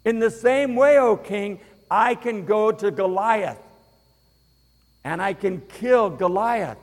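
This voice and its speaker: A man's voice: sits high, takes it slowly, pitched above the performer's own voice. A man voicing the young shepherd David, defiant and emphatic, declaiming. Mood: earnest. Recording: reverberant hall.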